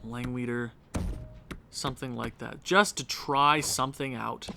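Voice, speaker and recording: A young gaming video creator narrates his own hockey game casually from his house late at night, sounding exasperated as he pleads with his team. He speaks at a measured pace in a steady, mid-range, gravelly voice. There's noise in the background.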